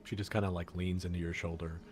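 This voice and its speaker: A man's voice: deep voice, level tone, fast talker. A man narrating as game master in loose, rambling speech full of fillers. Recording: stream with background music.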